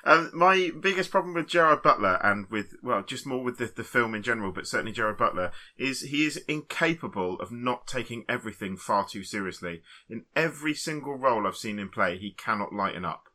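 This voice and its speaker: Co-host, wry and dismissive, very sharp bright tone. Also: male voice, medium pitch, lively intonation, brisk, few pauses. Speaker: podcast co-host. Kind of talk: casual film review chat.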